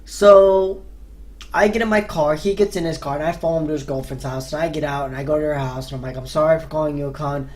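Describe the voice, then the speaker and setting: A young man in his late teens telling a story casually, animated and swearing, acting out the people in it. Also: fairly high pitch, fast talker. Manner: animated, swearing, quoting others in voices. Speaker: vlogger.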